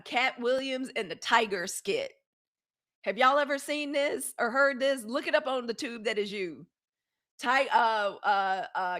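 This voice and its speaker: A woman's voice: fairly high pitch, fairly bright tone. Chatty woman hosting a live stream. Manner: chatty, playful, addresses chat directly. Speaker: live news show host. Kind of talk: casual live-stream talk to viewers.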